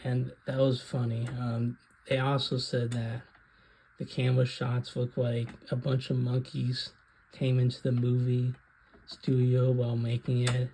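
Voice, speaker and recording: A man's voice: medium pitch, completely flat delivery, unhurried, mellow, slight background noise, poor audio. A man hosting his own video, giving a casual, rambling rant about films with frequent hesitations. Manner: rambling, hesitant, many ums. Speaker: video host.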